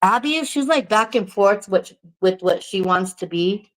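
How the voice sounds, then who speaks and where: A woman's voice: mid-range voice, lively intonation, a little slow, rough recording. A woman vlogger from New Mexico chatting casually to the camera, candid, swearing freely and laughing often.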